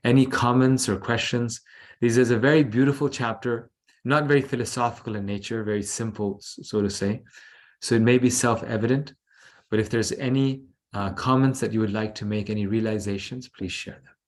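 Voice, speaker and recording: A man teaching a scripture class over a video call, explaining gently and unhurriedly with small fillers. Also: medium pitch, fairly even intonation, brisk.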